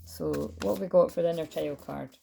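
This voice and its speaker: A woman giving a chatty tarot reading, loud and swearing freely, recorded on a camera mic with no lapel mic. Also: low-pitched, brisk, gravelly, slight background noise. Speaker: tarot reader. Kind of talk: casual tarot reading monologue. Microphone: built-in camera mic, no lapel.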